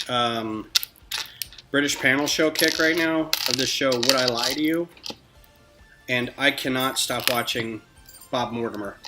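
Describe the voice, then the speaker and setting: Casual male streamer, chatty and joking, music in the background. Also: medium pitch. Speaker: livestream host building brick models. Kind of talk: casual chat while building. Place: home, indoors.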